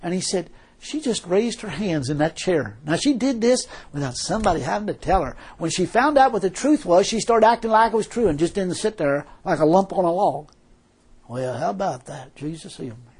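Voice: medium pitch, animated, a little fast, a little mellow, breathy edge. A preacher giving a sermon in a folksy, emphatic, colloquial way, full of rhetorical questions.

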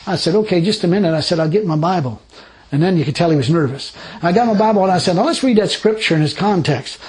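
A man's voice: high voice, quick pace, low-quality recording. A man preaching an informal sermon, telling personal stories in a folksy, rambling way. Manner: folksy, rambling, animated storytelling with laughs.

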